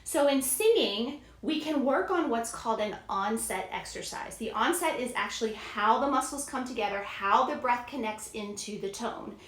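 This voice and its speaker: A woman vocal coach giving a singing lesson, explaining clearly and demonstrating sounds in a friendly way. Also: on the high side, lively intonation, moderate pace, few pauses, fairly bright tone. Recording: roomy echo.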